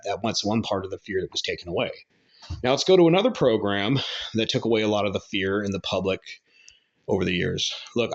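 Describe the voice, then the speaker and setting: A man's voice: on the low side, highs cut off. A man giving a blunt, rambling opinion monologue with coarse language. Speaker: commentary channel host.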